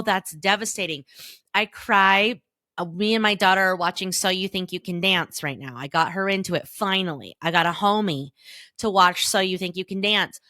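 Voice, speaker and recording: A woman's voice: medium pitch, no echo, studio quality. A woman in her thirties hosting a solo podcast, talking earnestly and directly to her listeners with casual advice. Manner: warm, earnest, emphatic, addresses listeners directly. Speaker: podcast host and therapist.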